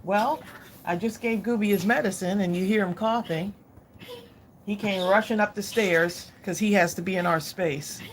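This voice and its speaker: At normal speed and with fairly even intonation, a middle-aged woman with a mid-range voice runs a crafting livestream, and a little hiss or hum is audible. She chats casually and effusively, speaking straight to her viewers.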